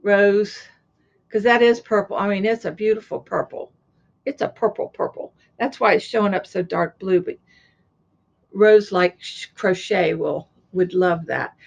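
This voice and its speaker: A woman's voice: mid-range voice, steady tone, unhurried, creaky, muffled recording. An older woman from Florida chatting casually on her crafting vlog, gushing over gifts and showing what she has sewn and crocheted. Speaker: crafting vlogger. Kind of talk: casual show-and-tell chat.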